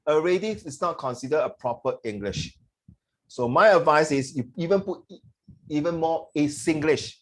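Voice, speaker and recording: A middle-aged man with a Singaporean accent, teaching a class in a lively way and acting out the voices he quotes. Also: fairly high pitch, normal speed. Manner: animated, switches between English and Mandarin, acts out quoted voices. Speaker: English tutor.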